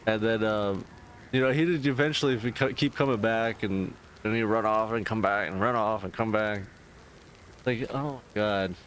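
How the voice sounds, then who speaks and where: A man streaming and chatting casually, ranting in a profane, rambling and animated way. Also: lowish voice, moderate pace, a little hiss or hum. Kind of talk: casual chat.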